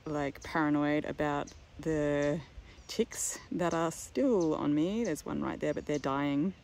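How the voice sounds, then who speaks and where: Low-voiced woman chatting to camera. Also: a little mellow, slight background noise. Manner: chatty, rambling, laughs often, many ums and likes. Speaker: long-distance walker and vlogger. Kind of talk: casual vlog chat to camera.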